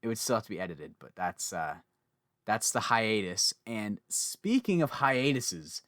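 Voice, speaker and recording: A young man hosting a casual podcast chat, talkative and quick to laugh, often interrupting himself. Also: fairly low pitch, very animated, fairly bright tone, no echo, clean studio sound. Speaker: podcast host.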